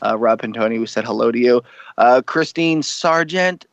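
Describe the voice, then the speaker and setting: A man's voice: medium pitch, moderate pace, creaky, no room sound. A man co-hosting a casual live-stream chat, reading out viewers' names in an offhand way and stumbling over some.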